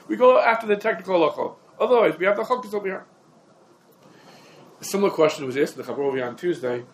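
A man teaching a Torah class, talking quickly and emphatically, his explanations dense with Hebrew and Aramaic legal terms. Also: on the high side, slight background noise, poor audio. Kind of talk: rapid halachic lecture.

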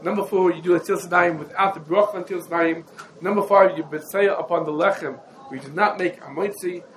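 A man giving a halachic lecture, running through rabbinic sources in quick succession and posing questions to his listeners. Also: high-pitched, fairly even intonation, fairly bright tone, a little hiss or hum, rough recording. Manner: explains rapidly, listing rabbinic sources and quizzing listeners. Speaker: Torah teacher.

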